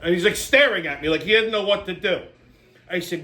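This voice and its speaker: A man's voice: high-pitched, brisk, bright, forceful tone. A man hosting a comedy show, ranting in a brash, profane, exasperated way. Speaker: host. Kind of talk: comedic rant. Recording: echoey room with faint music.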